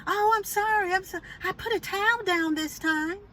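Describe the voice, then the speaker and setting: A woman's voice: normal speed, sharp tone, slight background noise. A woman voicing a flustered, apologetic upstairs neighbor woman who gushes repeated apologies. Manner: high, breathless stream of repeated apologies.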